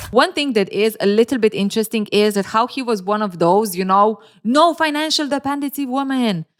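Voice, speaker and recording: A woman's voice: fairly high pitch, lively intonation, brisk, few pauses. A woman giving casual relationship commentary for a video, sarcastic and teasing, with frequent laughs and playful asides.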